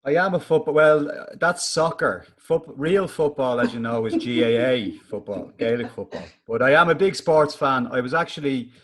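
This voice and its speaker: A man's voice: medium pitch, normal speed, few pauses. Good-humoured Dublin man guesting on a podcast. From Dublin, Ireland.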